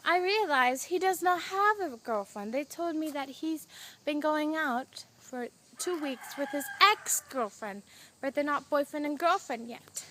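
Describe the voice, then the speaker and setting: A woman's voice: high voice, fairly bright tone, slight background noise. A teenage girl venting to camera in a chatty storytime, swearing often and replaying events as back-and-forth dialogue. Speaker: vlogger. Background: roosters crowing faintly outside.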